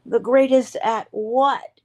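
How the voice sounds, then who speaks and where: A woman's voice: fairly high pitch, fairly even intonation, slow, darkish tone. A woman giving an inspirational morning talk in an emphatic, preacher-like way, sometimes dropping to a whisper. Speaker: motivational speaker.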